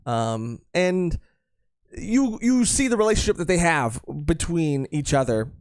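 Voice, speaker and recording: A young man talks casually on a podcast, rambling and joking, with fillers and restarts. His voice sits a little high for a man. The sound is close and dry, with no room around it. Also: big pitch swings, a little slow, smooth, no echo. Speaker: podcast co-host. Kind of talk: casual chat reviewing a manga.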